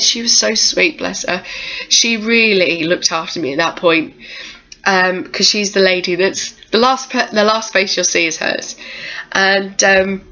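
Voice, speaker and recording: A woman's voice: mid-range voice, unhurried, sharp tone. A young woman, chatting casually to camera as a vlogger, full of ums, laughs and acted-out quotes. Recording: slightly dull lo-fi home video audio.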